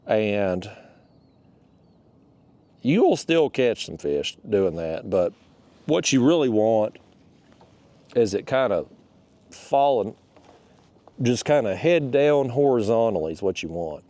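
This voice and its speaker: The kayak-fishing vlogger speaks slowly with long pauses in a lowish, mellow voice with lively intonation and no echo. His outdoor chat is casual and rambling, with restarts and folksy wording, and he's a little out of breath.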